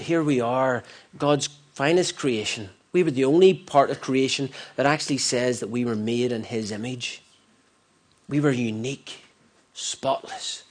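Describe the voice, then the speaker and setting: A man's voice: medium pitch, husky. Guy preaching, earnest, keeps repeating lines for punch, stumbles and restarts a lot. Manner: earnest, repeats phrases for emphasis. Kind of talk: sermon.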